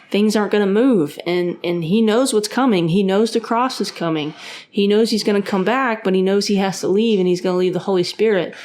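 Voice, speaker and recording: This woman hosts a podcast about faith, and her mid-range voice has a darkish tone. She's casual and earnest but meandering, with lots of restarts and fillers, and she has a young son.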